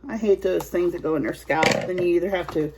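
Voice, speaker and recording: A woman's voice: on the low side, fairly quick, background noise. A woman vlogger chatting casually while unboxing a toy, giggly and rambling.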